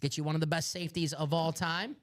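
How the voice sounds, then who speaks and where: A man's voice: on the high side, fairly even intonation, fast talker. Chicago guy hosting a live break, upbeat, jokey, hyping stuff nonstop. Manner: upbeat, joking, hyping items. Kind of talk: live stream sales chat.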